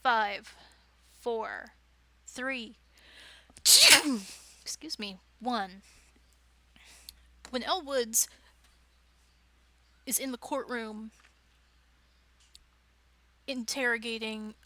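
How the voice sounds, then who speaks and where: A woman's voice: on the high side, very slow, long pauses, bright, forceful tone, dry recording. Woman, writing teacher, informal lecture, enthusiastic, digressive, dry room. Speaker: writing workshop presenter.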